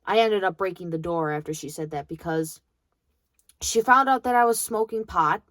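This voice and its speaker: A woman's voice: fairly low pitch, moderate pace, a bit bright, no room sound. A young woman in college venting bluntly about her grandmother, swearing freely in a bitter monologue. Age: young adult. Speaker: vlogger.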